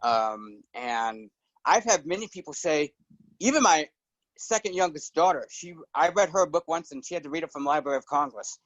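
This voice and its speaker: A man's voice: on the high side, normal speed, no room sound, muffled recording. A middle-aged man chatting as a guest, telling stories and now and then slipping into character voices. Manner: relaxed storyteller who slips into character voices. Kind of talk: casual chat.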